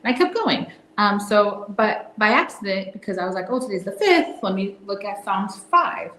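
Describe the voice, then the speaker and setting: A woman hosting a casual devotional talk, soft-spoken and reflective, now and then dropping into a whisper. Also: medium pitch, big pitch swings, moderate pace, echoey room, low-quality recording. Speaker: host.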